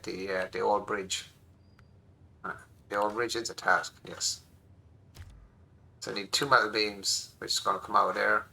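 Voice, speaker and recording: An Irish man in his forties, a streamer rambling excitedly through casual commentary while he plays a game at his home desk. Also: fairly low pitch, creaky, low-quality recording. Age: 40s.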